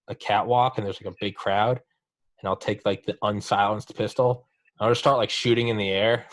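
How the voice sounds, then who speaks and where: A man in casual chat with friends, talking in a profane, animated way. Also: fairly low pitch. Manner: profane, animated, acts out mock quotes.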